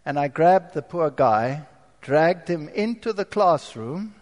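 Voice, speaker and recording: A man preaches his own life story in a storytelling sermon, turning to the audience with rhetorical questions. His voice sits high and carries a long reverb from the hall. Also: animated, slow, a little mellow. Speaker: preacher giving his testimony.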